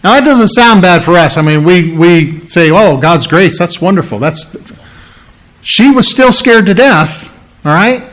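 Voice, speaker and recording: A man preaching a sermon, explaining scripture earnestly and acting out the story with lively voices. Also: high voice, measured pace, poor audio.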